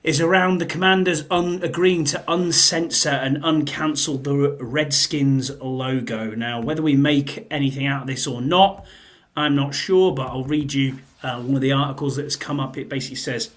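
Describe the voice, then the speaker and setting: A man's voice: mid-range voice, steady tone, moderate pace, a bit bright. A man hosting a sports podcast in a laid-back, rambling way, with fillers and repeated phrases. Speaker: podcast host. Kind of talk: casual sports podcast chat.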